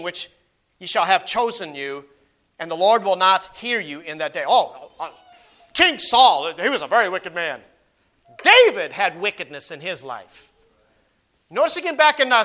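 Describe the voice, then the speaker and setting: A man preaching a sermon, moving between emphatic exclamations and quiet asides, and reading scripture aloud in slow measured phrases. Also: high voice, expressive. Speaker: pastor. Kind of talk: expository sermon.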